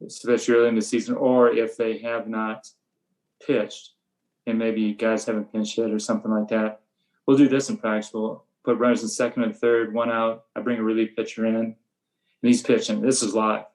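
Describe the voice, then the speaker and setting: An older man, a veteran baseball coach, speaks in a low and fairly flat voice. His manner is plain and matter-of-fact as he explains his drills. Every so often he acts out the blunt words he gives his players. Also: moderate pace, low-quality recording. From USA. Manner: flat, matter-of-fact storytelling, acting out his own sharp coaching lines. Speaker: high school baseball coach. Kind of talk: relaxed podcast interview.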